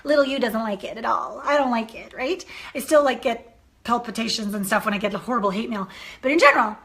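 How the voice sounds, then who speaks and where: Woman coach, fairly high bright voice, animated storyteller, direct coaching talk. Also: a little fast. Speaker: intimacy and dating coach. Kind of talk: coaching talk to a course member.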